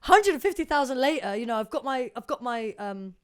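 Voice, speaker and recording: A young woman co-hosting a podcast, telling stories in a chatty, animated way and swearing freely. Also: a little high, brisk, smooth. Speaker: podcast co-host. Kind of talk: casual chat.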